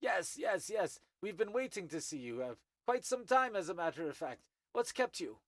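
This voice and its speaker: A man's voice: high-pitched, big pitch swings, moderate pace, fairly bright tone, no room sound, voice pushed up, heavily acted. Fussy old insect artificer, raised bossy voice, dry recording; man performing. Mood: brisk. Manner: fussy, distracted, barking orders.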